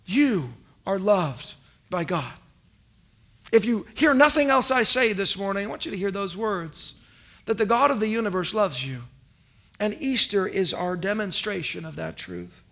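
A male pastor preaching a sermon, emphatic, moving between loud declarations and quiet asides and calling on the congregation to respond. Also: high-pitched, lively intonation, normal speed, vocal fry.

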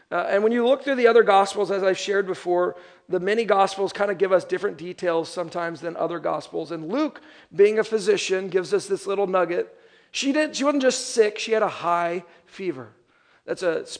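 High-voiced man preaching a lively sermon. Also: a little fast, creaky. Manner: animated, acts out quoted voices. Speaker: pastor.

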